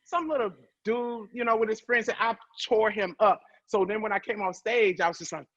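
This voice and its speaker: A woman comedian telling stories as a guest, loud and profane, quick to laugh. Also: mid-range voice, steady tone, lo-fi sound. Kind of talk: animated storytelling.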